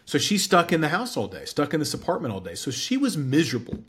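A man in his forties, a guest in an interview, telling his story in a candid, animated way. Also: on the high side, quick pace. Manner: candid, animated storyteller who acts out quoted dialogue.

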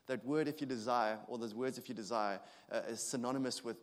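Earnest thirty-something preacher in a reverberant hall. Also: male voice, mid-range voice. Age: 30s. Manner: earnest, halting with frequent restarts and fillers. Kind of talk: sermon.

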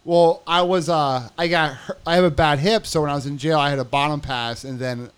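A young man with a high-side, smooth voice tells a story in casual chat, speaking fairly quickly with fairly even intonation. He rambles, swears and acts out what other people said.

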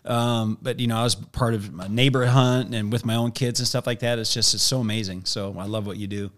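Animated man telling a story. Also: lowish voice, a little fast. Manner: lively storyteller who acts out the voices in his story.

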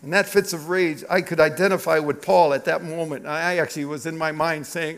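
A middle-aged man, a pastor, preaching a sermon through an animated, confessional personal story. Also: fairly high pitch, brisk.

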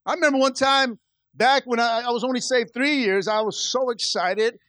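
A male pastor preaching a sermon at a church service, animated and acting out the voices he quotes. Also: extremely high pitch, moderate pace, no room sound.

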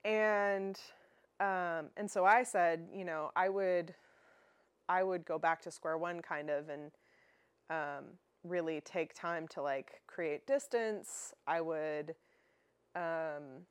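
A woman's voice: on the low side, slow, clean tone, no echo. A young woman hosting a dog training podcast, explaining in a casual, chatty way with fillers and restarts.

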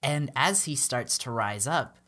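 A woman narrating as game master of a tabletop game, a relaxed, laughing storyteller. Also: rumbling low, measured pace.

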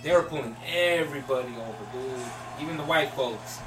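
A man's voice: medium pitch, brisk, music in the background. A man telling a story in casual chat, rambling and swearing constantly, with frequent "you know what I mean" asides.

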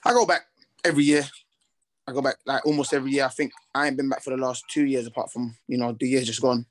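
Young man, boxer interview, laid-back, confident, slangy, mid-pitched voice. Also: fast. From Britain, with Ghanaian heritage. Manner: relaxed, confident, rambling with slang and restarts. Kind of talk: casual interview chat.

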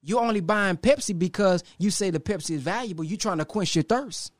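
Male motivational speaker, high voice, dry close mic, preacherly with dramatic pauses. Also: dry recording. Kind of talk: motivational talk to a live audience.

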